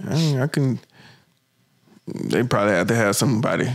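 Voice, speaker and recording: A man's voice: medium pitch, animated, brisk. Teasing young man from Birmingham. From Birmingham, Alabama. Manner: teasing, laughs often. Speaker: podcast co-host. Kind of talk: casual joking chat.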